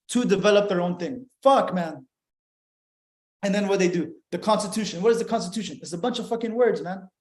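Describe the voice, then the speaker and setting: A man's voice: high-pitched, darkish tone, roomy sound. A young adult man, an attorney talking as a guest in a casual interview, telling his story in an emphatic, profane, fired-up way.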